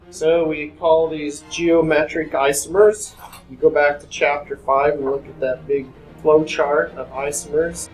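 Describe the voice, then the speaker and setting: A man's voice: a little high, rough recording. A man delivering a chemistry lecture in a classroom. He speaks in a casual, conversational way and often turns to ask his students questions. Faint music plays underneath.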